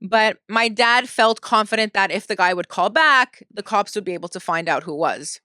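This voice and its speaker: A young woman hosting a podcast, telling a story in a casual, animated way, filled with "like" and swearing. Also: medium pitch, moderate pace, no room sound, studio quality. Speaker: podcast host.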